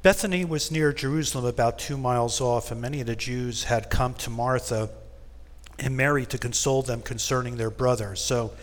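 Man, mid-pitched, Bible study leader reading and explaining scripture, long reverb of a church hall. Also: moderate pace. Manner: reads scripture aloud and explains it with casual asides.

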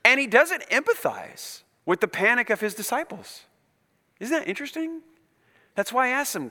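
Animated male preacher in a reverberant hall. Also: very high voice, normal speed. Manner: animated, conversational, emphatic. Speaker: pastor. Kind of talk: sermon.

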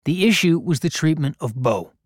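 A man reading a gritty story aloud in a measured, deliberate narration. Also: fairly high pitch, expressive, no echo, clean studio sound. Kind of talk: scripted narration.

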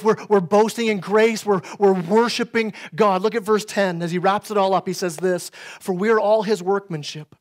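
A male pastor giving a sermon in a conversational way, tossing in "right?" asides and swinging between loud, emphatic bursts and quiet asides. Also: high-pitched.

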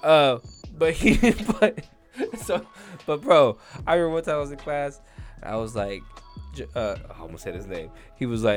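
A man's voice: medium pitch, animated, moderate pace, soft background music. A man co-hosting a comedy podcast, telling rambling crude stories, swearing and laughing a lot. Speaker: podcast co-host.

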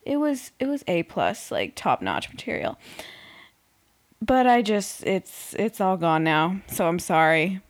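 A woman's voice: mid-range voice, sing-song, measured pace. A woman hosting a podcast alone, talking casually without editing, rambling, swearing and poking fun at herself as she loses her train of thought. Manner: rambling, swears, self-deprecating, restarts often. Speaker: podcast host. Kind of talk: unedited casual podcast monologue.

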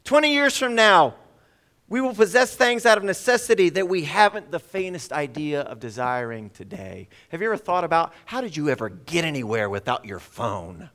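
A middle-aged male preacher with a high voice that swoops up and down as he tells a story from the pulpit. He acts out conversations in several voices and keeps asking the congregation questions. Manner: animated, acts out dialogue in quoted voices; asks the audience rhetorical questions. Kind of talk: storytelling sermon. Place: church worship service.

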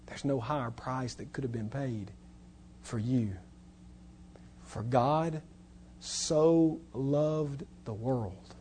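A man preaching a sermon as pastor, moving between hushed, tender passages and loud, impassioned appeals. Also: medium pitch, slow, pauses often, a little hiss or hum.

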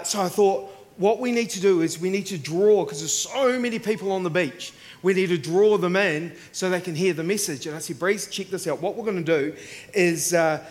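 High-voiced Australian man preaching. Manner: animated, acts out voices in anecdotes. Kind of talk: sermon with storytelling.

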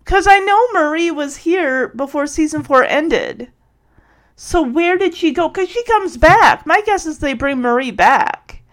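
A woman's voice: sits high, lively intonation, measured pace, fairly bright tone. A woman hosting a casual solo podcast, thinking aloud with many restarts and sounding tired. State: tired, yawning. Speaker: podcast host.

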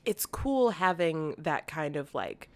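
A young woman chatting as a guest, animated and playful, acting out little silly voices as she tells stories. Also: sits low, takes it slowly, no echo. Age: young adult. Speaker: podcast guest. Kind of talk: casual chat.

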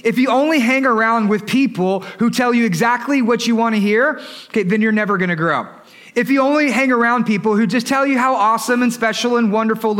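A man's voice: very high-pitched, a little fast, a bit bright. A pastor in his thirties preaching a sermon in a conversational way, often asking the congregation questions. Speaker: lead pastor.

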